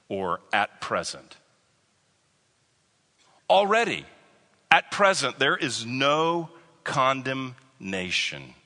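A man preaching a sermon, emphatic, repeating key phrases and slowing down on stressed lines. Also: medium pitch, bright, forceful tone, long reverb tail.

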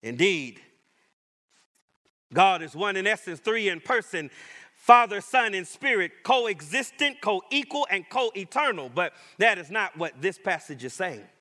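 Male pastor, high bright voice, measured sermon delivery with emphatic repetition. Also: animated. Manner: emphatic preaching with repetition and rising declarations.

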